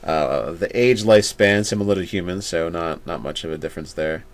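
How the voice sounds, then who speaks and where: An easygoing man hosts a casual chat about tabletop games, pausing on fillers as he talks. His voice sits on the low side. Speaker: host.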